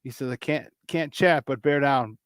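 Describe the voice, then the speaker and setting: A man's voice: medium pitch, normal speed, dry recording. A man with a Chicago accent hosting a casual live-streamed sports talk show, riffing animatedly and greeting chat viewers by name.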